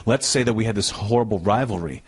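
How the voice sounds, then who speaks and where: A man's voice: lowish voice, fast talker, husky. A man, a comedian guest on a talk show, telling brash, sardonic anecdotes in casual chat.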